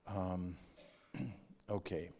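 A man preaching a sermon in a measured way, reading scripture and outline points and growing emphatic as he goes. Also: sits low, fairly even intonation, mellow, a little hiss or hum. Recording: long reverb of a hall.

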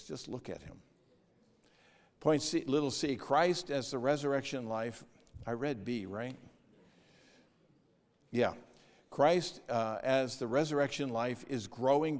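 A man preaching a sermon in a measured way, reading scripture and outline points and growing emphatic as he goes. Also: mid-range voice. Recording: long reverb of a hall.

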